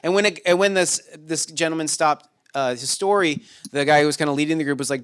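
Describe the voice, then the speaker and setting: A man's voice: on the high side, fast, hardly any pauses, a bit bright, smooth. A man in his thirties co-hosting a casual podcast chat, reflective and rambling with many restarts. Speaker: podcast co-host.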